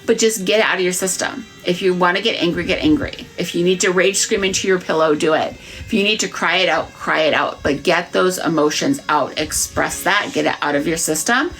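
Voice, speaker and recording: A woman's voice: fairly low pitch, brisk, fairly bright tone, faint music behind. A woman doing psychic readings on a live stream, talking frankly to viewers in a chatty way with many fillers.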